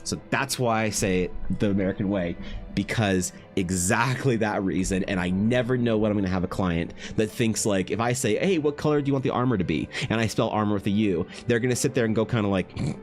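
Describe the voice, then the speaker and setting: Low-voiced man telling a profane story. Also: a little fast, soft background music. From Canada. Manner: profane, rambling anecdote with frequent restarts. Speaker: artist streaming while drawing. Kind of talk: casual live-stream chat.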